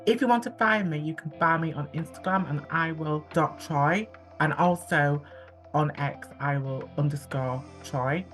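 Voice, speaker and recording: A man hosting a podcast, interviewing a guest in a warmly encouraging, effusive way. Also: fairly high pitch, a little slow, soft background music. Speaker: podcast host. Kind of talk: casual interview.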